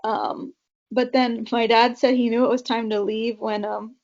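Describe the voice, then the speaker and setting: A young California woman, a podcast guest, spins family stories in casual interview chat, full of fillers and imitations of her parents. Her voice sits on the high side with little pitch movement, a measured pace and a darkish tone. The podcast audio is dull and lo-fi.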